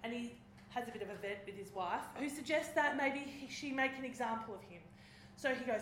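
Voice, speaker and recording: A woman preaching, retelling a story in a lively way and acting out its voices. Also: a little high, fairly quick, a little hiss or hum. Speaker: speaker. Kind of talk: sermon storytelling. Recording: echoey hall.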